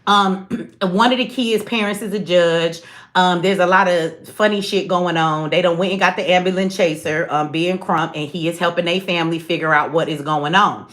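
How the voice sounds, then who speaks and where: A woman's voice: lowish voice, steady tone, normal speed, a bit bright. A woman hosting a casual livestream, blunt, sarcastic and profane, talking straight to her chat. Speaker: livestream host.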